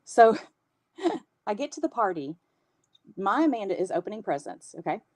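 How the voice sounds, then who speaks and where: A woman's voice: medium pitch, very animated, normal speed, a little mellow, no echo. A woman in her fifties with a Southern US accent, hosting a casual livestream and chatting with viewers, laughing often. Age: 50s. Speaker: host.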